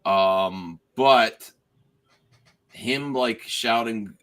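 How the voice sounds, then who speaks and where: A man's voice: fairly low pitch, extremely slow, a bit bright. A man hosting a casual spoiler chat over a video call, rambling and restarting his sentences. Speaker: host.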